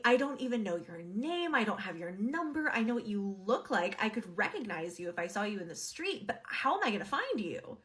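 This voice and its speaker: A woman's voice: medium pitch, fairly bright tone. A chatty woman tells a dream storytime to her phone camera. She is candid and casual, drops the odd swear word, and slips into the voices of the people she quotes. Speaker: TikTok storyteller.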